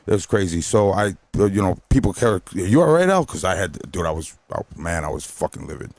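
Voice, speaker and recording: A man from Chicago telling a story on a podcast in an animated, profane way, full of "bro" and "you know". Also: low voice, brisk, no echo. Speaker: DJ guest.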